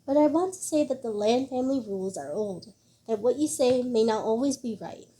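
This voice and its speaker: Young country woman, voiced by a woman, calm, polite, pointed, slightly high, mellow. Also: brisk, lightly acted. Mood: calm retort.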